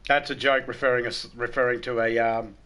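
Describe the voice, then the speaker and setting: A man's voice: medium pitch, flat delivery, fairly quick, bright, forceful tone. A middle-aged man with an Australian accent, a game streamer chatting casually, rambling and swearing freely with blunt humor. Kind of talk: casual chat.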